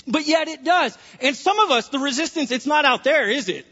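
Man preaching with bright high voice. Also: brisk. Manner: animated storytelling, humorous asides. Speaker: pastor. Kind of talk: sermon. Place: church sanctuary. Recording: reverberant hall, dull lo-fi sound.

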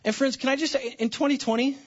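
High-voiced pastor guy preaching, gets really fired up then goes quiet, kinda dull recording. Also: fairly even intonation, quick pace. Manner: passionate, swings from hushed to near-shouting. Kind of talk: sermon.

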